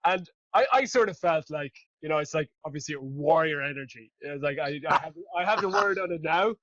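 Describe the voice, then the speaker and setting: A man hosting a podcast, telling a story in an animated way and swearing freely. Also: a little high, no room sound, dull audio. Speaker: podcast host. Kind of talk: casual conversational storytelling.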